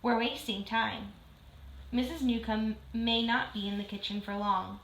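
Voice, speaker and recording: A woman's voice: a little high, fairly even intonation, unhurried, a bit bright, recorded from a distance. A woman voicing a tiny, careful father in a children's story, speaking firmly and urgently. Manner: firm and urgent. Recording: roomy echo.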